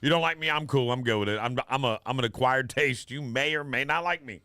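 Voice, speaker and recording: Male radio host, 50s, bright forceful voice, dry close sound, animated storyteller. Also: medium pitch, fast, dry recording. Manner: animated storyteller, emphatic and swearing. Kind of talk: casual chat.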